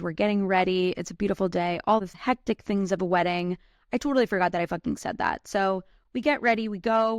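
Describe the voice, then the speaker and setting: A woman's voice: mid-range voice, no room sound, studio quality. A woman in her thirties hosting a podcast, telling a personal story casually with lots of "like" and some swearing. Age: 30s. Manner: casual, heavy use of "like", swears freely. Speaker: podcast host.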